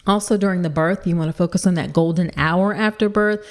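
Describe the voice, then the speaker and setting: A woman obstetrician hosting a solo podcast, talking fast and excitedly as she gives advice to listeners. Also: lowish voice. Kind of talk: solo educational podcast talk.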